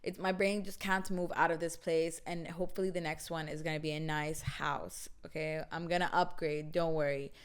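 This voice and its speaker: A woman's voice: sits low, moderate pace, hardly any pauses, clear, resonant tone. Dramatic woman storyteller. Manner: animated, dramatic retelling, frequent "like". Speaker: podcast host. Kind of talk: casual storytelling.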